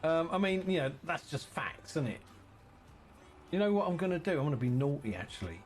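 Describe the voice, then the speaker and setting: A man's voice: on the high side, expressive, a little fast, slight background noise. Chatty man streaming a game. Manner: chatty, teasing, rambling. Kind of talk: casual chat while streaming a game.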